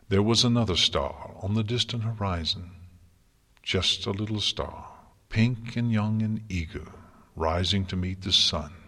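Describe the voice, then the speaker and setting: A man narrating a story in a slow, hushed, solemn way, sometimes dropping to a whisper. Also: low voice. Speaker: story reader. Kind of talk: narrating fan fiction. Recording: long hall reverb.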